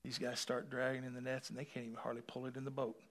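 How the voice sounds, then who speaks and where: A pastor preaching a sermon, swinging from quiet asides to loud rising appeals and calling for responses from the congregation. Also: male voice, mid-range voice, completely flat delivery, quick pace.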